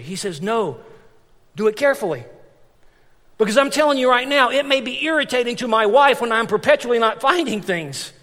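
A man with a high voice preaches in an animated, storytelling way, often restarting and repeating himself. His words ring out with the long echo of a church hall. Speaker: pastor. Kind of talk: sermon.

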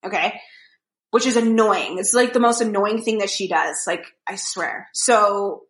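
A woman's voice: medium pitch, unhurried, fairly bright tone. Chatty woman telling a rambling story, echoey room. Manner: rambling storyteller, many fillers, acts out quotes. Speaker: podcast co-host. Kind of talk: casual chat.

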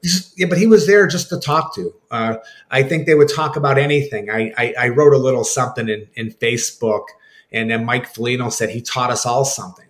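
A man at a middle pitch, a former hockey player, recalling an old teammate in a radio interview. He stalls and repeats himself, then acts out old conversations in quick bits of dialogue. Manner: halting, repeats words, acts out quoted exchanges. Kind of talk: reminiscing in an interview.

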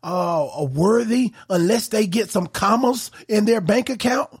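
A man preaching a sermon in an emphatic style, rising to shouts on key points. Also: high voice, unhurried, husky.

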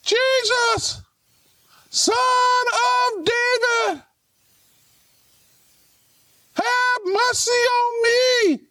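A preacher putting on a blind beggar's high wail. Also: male voice, steady tone, extremely slow, pushed and bright, no room sound, clean studio sound, recorded from a distance, full character voice. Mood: pleading. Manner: high pleading wail, drawn out. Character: blind male beggar crying out desperately.

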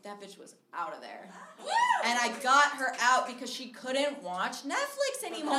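A young woman telling a personal story at a live storytelling show, chatty, full of "like" and restarts, acting out the quotes. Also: mid-range voice. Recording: echoey room with faint noise.

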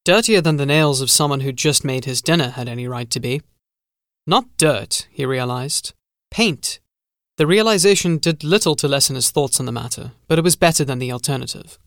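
A man narrating a gothic horror story in a measured, scripted audiobook style. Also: medium pitch, fairly bright tone, dry recording, studio quality.

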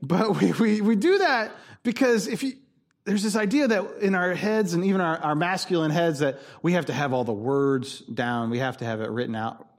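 A pastor delivering a sermon in a conversational, emphatic way, with a voice a bit higher than most men's. He talks to his congregation like friends and hammers home his main line by repeating it. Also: normal speed.

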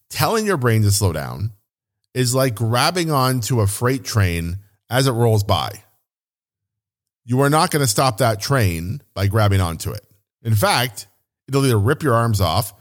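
Lively, low-voiced male podcast host. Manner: animated, emphatic, casually profane. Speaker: podcast host and business coach. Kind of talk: motivational podcast monologue.

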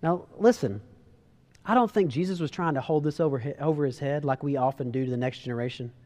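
A male pastor preaches in a casual, animated way, often restarting his sentences. His voice is notably high for a man. A long reverb of a large hall rings out behind him. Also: quick pace. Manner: conversational, animated, with repeated restarts. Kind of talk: sermon.

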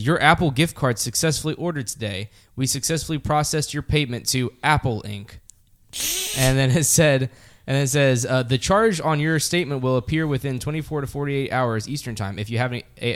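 Clear-voiced man reading aloud. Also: mid-range voice. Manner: reading out emails in a flat, amused way. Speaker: podcast co-host. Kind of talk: casual chat.

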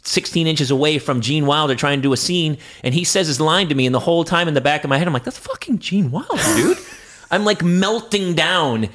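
A man from New Hampshire and Boston, an actor and improviser, telling lively show-business stories in a casual chat, swearing freely and jumping his pitch for quoted voices. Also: fairly quick. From New Hampshire and Boston, USA.

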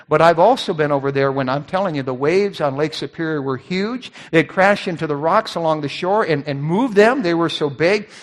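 A man preaching in a large hall with a long echo trailing his words. His voice sits high and swings widely as he acts out the voices of the people in his story. He repeats words in quick bursts. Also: a bit bright. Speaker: pastor. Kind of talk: sermon.

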